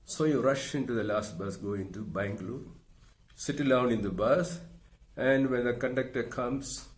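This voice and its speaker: A middle-aged man, giving a recorded lecture in a slow, measured way and explaining through worked examples. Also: medium pitch. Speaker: teacher.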